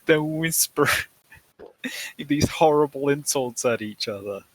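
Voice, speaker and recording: A man's voice: a little high, slow, rough recording. A young man co-hosting a movie podcast, easygoing and chuckling as he talks. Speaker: podcast co-host. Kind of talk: casual movie review chat.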